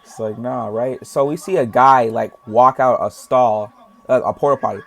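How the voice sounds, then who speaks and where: A man's voice: mid-range voice, moderate pace, creaky. Young male storyteller, casual and rambling, full of slang. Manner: rambling, heavy slang, acts out voices. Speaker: storytime vlogger.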